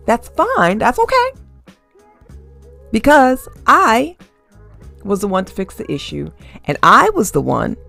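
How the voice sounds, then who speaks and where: A woman's voice: lowish voice, creaky, fairly bright tone. A woman hosting her own podcast, delivering a sassy, emphatic commentary monologue with frequent laughter and casual swearing. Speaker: podcast host.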